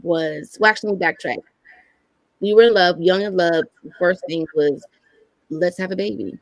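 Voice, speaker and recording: A woman in her thirties tells her own story as a podcast guest and lives through the voices of the people in it. Her voice has a gravelly, fry-laced texture, and the recording is dry and close with no room sound. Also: lowish voice, moderate pace, no room sound, low-quality recording. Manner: candid, animated storytelling that acts out quoted lines. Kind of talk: personal storytelling in a podcast interview.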